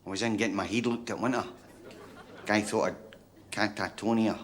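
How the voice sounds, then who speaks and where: A man's voice: lowish voice, fairly even intonation, a little fast, close to an everyday voice. A man playing a tactless, jokey pal. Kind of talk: TV sitcom acting.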